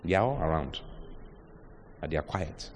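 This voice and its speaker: Ghanaian pastor preaching in a reverberant hall. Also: male voice, rumbling low, expressive, normal speed, darkish tone, breathy edge. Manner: emphatic preaching with rhetorical questions. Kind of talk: sermon.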